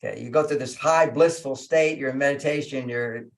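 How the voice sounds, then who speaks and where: Older man, animated storytelling guest. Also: mid-range voice, a little fast, vocal fry. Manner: animated storyteller, laughs between points. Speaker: interview guest. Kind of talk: conversational teaching.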